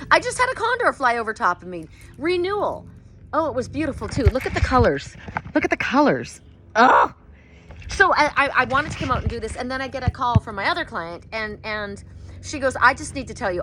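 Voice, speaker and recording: A middle-aged woman speaking outdoors, her voice a little high and very bright and forceful. She retells her readings in a casual vlog style and keeps jumping up into thrilled, high-pitched exclamations. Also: a little hiss or hum. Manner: bursts into high excited exclamations while retelling. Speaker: oracle card reader.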